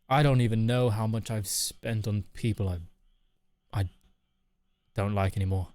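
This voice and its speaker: A man's voice: lowish voice, steady tone, moderate pace, long pauses, darkish tone, no room sound. A man streaming live, chatting casually and candidly with his viewers while reading their messages, laughing often. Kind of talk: casual chat.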